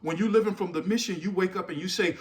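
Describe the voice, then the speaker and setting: High-voiced energetic male motivational speaker. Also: quick pace. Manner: energetic, repetitive rhetorical questions, preachy; loud bursts and shouting at the start. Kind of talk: motivational morning talk.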